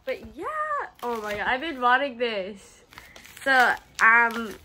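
A young woman rambles happily about her gifts, full of fillers and restarts. Her voice sits a little high. The home recording carries clear background noise. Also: takes it slowly. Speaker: friend opening gifts. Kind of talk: casual vlog chat.

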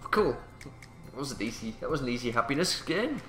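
A man's voice: mid-range voice, very animated, brisk, fairly bright tone, reverberant, soft background music. A man casually commentating a game, playful and jokey, swearing and reacting as he plays. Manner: playful, jokey, swears, does silly voices. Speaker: let's play host.

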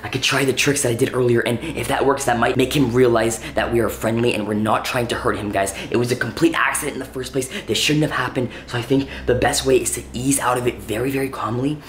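Give me a man hosting a frantic challenge vlog, jittery and dramatic, who keeps dropping into hushed whispers for his viewers. He is recorded in an echoey room with loud noise behind him. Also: medium pitch, fairly even intonation, fast, hardly any pauses. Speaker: YouTube host. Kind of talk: excited prank-challenge vlog.

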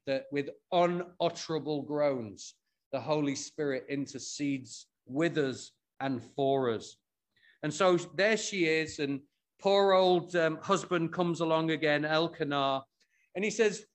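Expressive English preacher, higher voice. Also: male voice, measured pace. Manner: expressive storytelling, voices characters with humour. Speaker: pastor. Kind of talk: sermon. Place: church.

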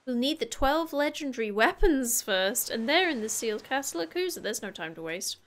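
A woman's voice: a little high, very animated, moderate pace, a bit bright. A woman commenting casually on a video game she is playing, thinking aloud in a chatty way and swearing playfully. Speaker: gaming YouTuber. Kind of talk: casual let's-play commentary. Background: game music.

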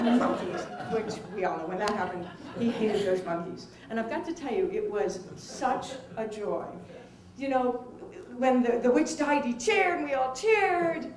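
A middle-aged woman tells a personal story to an audience in a lively, conversational way and acts out other people's lines. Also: fairly high pitch, slight background noise. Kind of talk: personal anecdote told to an audience. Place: film festival venue. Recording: roomy, distant mic with faint ambience.

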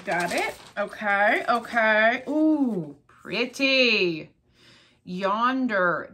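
Slow-talking chatty woman vlogger. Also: medium pitch, expressive, a bit bright. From Ohio, US. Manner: chatty, giggly, exclaiming over crafts. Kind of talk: casual chat to camera.

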